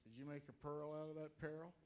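Male preacher, slightly higher voice, lively, swings quiet to loud. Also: a little fast, crowd noise. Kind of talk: sermon.

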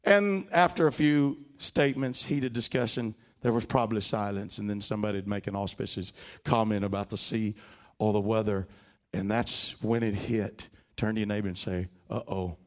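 A male preacher delivering a dramatic storytelling sermon, asking the congregation to repeat phrases. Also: medium pitch. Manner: dramatic, animated, calls for congregation responses.

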